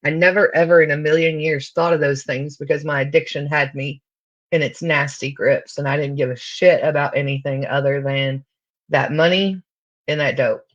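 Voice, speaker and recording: A woman's voice: low voice, steady tone, moderate pace, muffled recording. A woman giving a candid recovery testimony, blunt and full of fillers. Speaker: recovery speaker.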